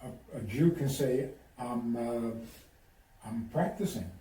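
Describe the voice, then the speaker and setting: Recorded far from the mic in a roomy space with a little hiss or hum, this rabbi speaks slowly at a medium pitch. He offers advice in an interview, animatedly telling conversational stories and performing the quoted dialogue within them.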